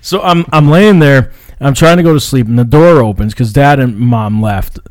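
A man's voice: medium pitch, normal speed, a little mellow, no echo. A man casually telling a long, profane story among friends, with many stammered restarts and laughs along the way. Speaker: podcast co-host telling a story.

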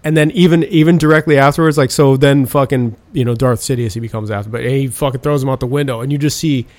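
A man's voice: medium pitch, quick pace, darkish tone, no echo. A man in casual chat, animatedly retelling film scenes with lots of swearing and filler. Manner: profane, rambling storytelling.

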